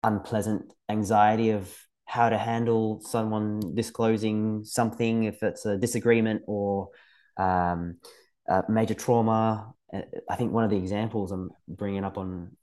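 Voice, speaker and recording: A man's voice: on the low side, little pitch movement, normal speed, a little mellow. A man hosting a podcast interview, talking casually and hesitantly as he searches for words. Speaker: podcast host.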